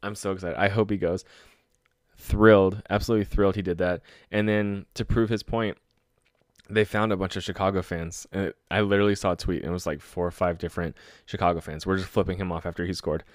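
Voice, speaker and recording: A man with a deep, low voice runs through game results in a loose, excitable way. He swears freely and laughs at his own stories. The sound is dry and close, with no room around it. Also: fast talker, no room sound. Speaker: sports podcast host. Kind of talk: casual solo sports talk.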